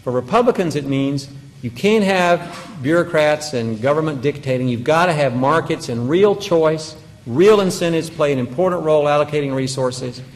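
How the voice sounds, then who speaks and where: A man's voice: a little high, in a large hall. A man speaking as a conference panelist, giving a policy talk with emphatic points and wry, joking asides. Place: conference hall.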